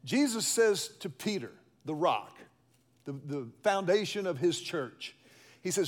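A male pastor preaching a sermon in an emphatic, animated way, calling on the congregation to respond. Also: high voice, unhurried.

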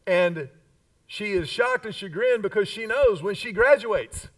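A man's voice: high-pitched, animated, measured pace, fairly bright tone, far from the mic, rough recording. A man in his fifties preaching a sermon as pastor, with emphatic repeated lines and call-and-response. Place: church sanctuary.

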